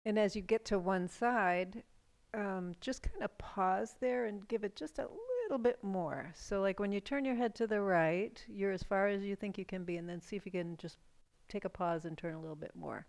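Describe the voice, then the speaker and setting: A middle-aged woman leading a chair yoga class, giving calm, gentle cues for breathing and stretching with casual asides. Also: mid-range voice, moderate pace, gravelly. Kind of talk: guided class instruction.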